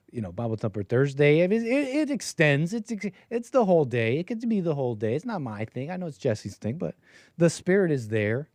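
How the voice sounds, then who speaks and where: Brief: loose, rambling male host joking with his chat, mid-pitched, close and dry. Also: sing-song, a little fast, darkish tone, no room sound. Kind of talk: live-stream call-in show.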